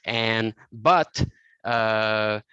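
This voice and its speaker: A man's voice: fairly low pitch, drawn-out words, pushed and bright, clear, resonant tone, dry recording, highs cut off. A man from Quebec with a French Canadian accent, a native French speaker, hesitantly sharing his card reading on a video call. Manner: hesitant, with many fillers and restarts.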